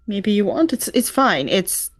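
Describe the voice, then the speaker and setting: Give me a woman voicing an anxious, stammering young heroine in a tabletop game, talking slowly. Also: mid-range voice, lively intonation. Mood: flustered. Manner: stammering, nervous laughter. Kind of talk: tabletop role-play.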